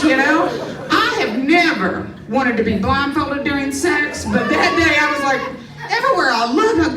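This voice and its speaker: A woman performing a stand-up comedy set on a club stage, telling stories with lively asides to the crowd. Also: fairly high pitch. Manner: animated storytelling with playful asides to the crowd. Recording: roomy club sound from a distance.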